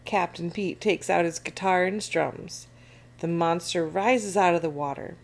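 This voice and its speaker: A woman reads a picture book aloud to children, expressive and animated. Her voice sits low with a touch of vocal fry. She takes her time and swings her pitch widely. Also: a little slow. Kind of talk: storybook read-aloud.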